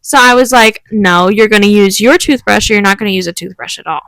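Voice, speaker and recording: A woman's voice: mid-range voice, fast, vocal fry, a bit bright, no echo, rough recording. A young woman co-hosting a casual podcast, telling stories with lots of laughter and acted-out quotes. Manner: giggly, storytelling with acted quotes. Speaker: podcast co-host. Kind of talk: casual chat.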